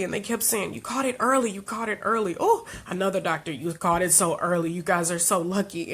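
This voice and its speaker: A woman life coach telling a personal story to camera, earnest and heartfelt, her voice climbing high when she relives her frustration. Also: a little fast, hardly any pauses, a bit bright, husky.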